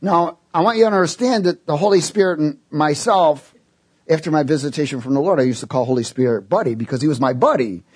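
A man's voice: a little high, fast, slightly rough, no room sound. A man preaching a sermon and telling a personal story, acting out voices as he goes. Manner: storytelling, quoting voices in his tale.

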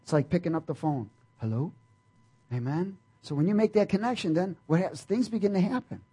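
A male pastor preaching with a high, husky voice. He is emphatic and playful, and he keeps calling out to the congregation to answer him back. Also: expressive, fast talker, warm tone. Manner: emphatic, call-and-response preaching; folksy and playful. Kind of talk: sermon.

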